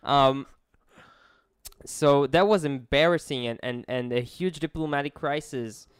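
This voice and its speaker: A man, co-hosting a podcast and explaining events at length with halting restarts. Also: medium pitch, clear, resonant tone, no echo, studio quality. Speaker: podcast co-host. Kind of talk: casual explanatory chat.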